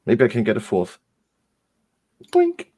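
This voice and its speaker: A man's voice: low-pitched, normal speed, a little mellow. A man playing a half-orc in a tabletop game, joking in casual table banter. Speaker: player. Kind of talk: casual table talk as a player.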